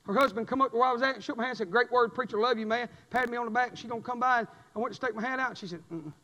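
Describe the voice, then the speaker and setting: A man preaching a sermon, swinging from quiet, intimate stretches to loud emphatic peaks. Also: very high-pitched, fairly even intonation, rapid-fire, long reverb tail, muffled recording. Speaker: pastor. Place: church sanctuary.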